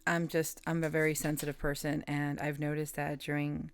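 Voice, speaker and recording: A woman's voice: low voice, little pitch movement, moderate pace, smooth. A woman reading tarot in a casual, chatty way, laughing often and trailing off mid-thought. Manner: coos softly at her pet. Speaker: tarot reader.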